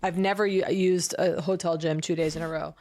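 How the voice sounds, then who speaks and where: A woman co-hosting a casual comedy podcast, telling a story with lively quoted voices. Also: a little fast. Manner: animated storyteller, acts out quoted voices with big pitch jumps. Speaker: podcast co-host.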